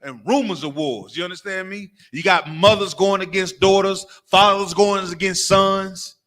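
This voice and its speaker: A man's voice: high voice, normal speed, faint music behind. A man preaching a fiery street-style sermon, swearing freely and firing off rhetorical questions and call-and-response. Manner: animated, mimics crying and barking for laughs. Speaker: preacher of a religious camp.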